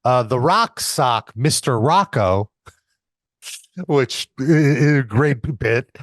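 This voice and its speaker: A man's voice: medium pitch, lively intonation, takes it slowly, fairly bright tone, dry recording, studio quality. A man hosting a casual podcast, recapping an old episode in an explanatory way, with frequent fillers and some somber asides. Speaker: podcast host reviewing wrestling episodes.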